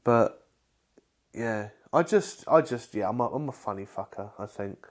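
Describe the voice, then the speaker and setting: A man co-hosting a casual chat podcast, talking in a halting way with lots of restarts and swearing. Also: lowish voice, lively intonation. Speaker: podcast co-host.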